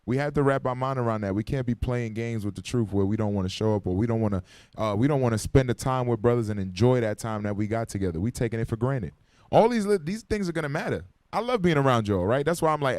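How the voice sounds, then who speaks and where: A man leading a Bible class at a quick pace, talking casually and with urgency. He keeps checking that the room is with him and asking for responses. His voice sits in a middle pitch, recorded dry and close. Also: expressive, darkish tone, dry recording. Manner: conversational and urgent, calling for responses. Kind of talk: informal Bible class teaching. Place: classroom gathering. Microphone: microphone.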